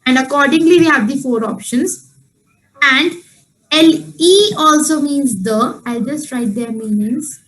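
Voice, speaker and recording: A woman who teaches French patiently, explaining step by step and repeating words slowly. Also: sits high, a bit bright, low-quality recording. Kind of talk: one-on-one online language lesson.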